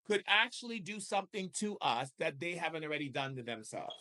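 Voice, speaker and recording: A man's voice: on the high side, big pitch swings, fairly quick, few pauses, pushed and bright. A man leading a live spiritual coaching session as a shamanic teacher, emphatic and repetitive, with pointed rhetorical questions.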